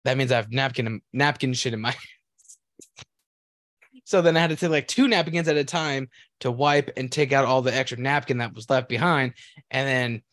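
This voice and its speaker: A man on a podcast spins a long, crude story, rambling and breaking into laughter along the way. His voice sits at an everyday middle pitch. The mic is close and dry. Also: normal speed, a bit bright, dry recording. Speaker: podcast co-host. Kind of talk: casual podcast chat.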